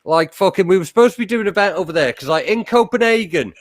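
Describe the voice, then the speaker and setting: A man's voice: sits high, expressive, fast talker, dry recording, clean studio sound. A young man from England chatting casually, rambling with many fillers and frequent swearing. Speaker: battle rapper. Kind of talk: casual chat.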